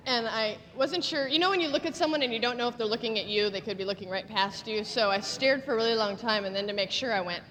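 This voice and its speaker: A woman's voice: fairly high pitch, fast, few pauses, noisy background. A woman presenting at an awards show, telling a playful, gossipy comic story on stage. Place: large theater stage. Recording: echoey hall with a loud audience.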